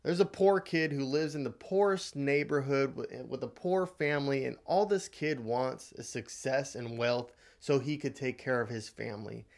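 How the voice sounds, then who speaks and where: A man's voice: medium pitch, moderate pace, creaky, hardly any pauses. Man telling a motivational story. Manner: animated, dramatic storytelling. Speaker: vlogger.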